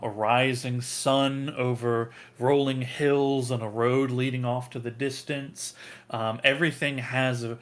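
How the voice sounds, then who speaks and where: A man narrating as game master of a tabletop role-playing game, halting with many ums and uhs. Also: mid-range voice, fairly bright tone.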